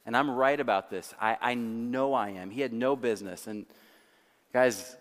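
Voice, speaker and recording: A male pastor delivering a sermon, slowing down dramatically to stress key words. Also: mid-range voice. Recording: long hall reverb.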